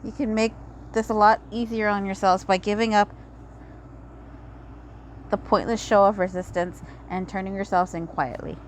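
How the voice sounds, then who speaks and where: A woman's voice: medium pitch, normal speed, pauses often, a little hiss or hum, natural voice, poor audio. A woman voicing a smug villain con man. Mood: gloating. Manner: mock-courteous taunting announcer. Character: smug scheming male con-artist ringmaster. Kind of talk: reading game dialogue aloud.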